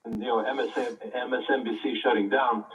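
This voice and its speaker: A man giving casual political commentary, halting and hesitant, with lots of "uh" between phrases. His voice comes through thin and phone-like, from a fair distance off the mic. His pitch sits in the middle for a man. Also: steady tone, fairly bright tone.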